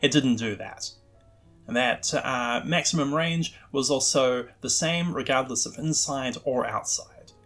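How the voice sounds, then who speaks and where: A man's voice: mid-range voice, unhurried, fairly bright tone, faint music behind. A man hosting a scripted narration about the history of a tabletop game spell, with wry, self-deprecating asides. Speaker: host.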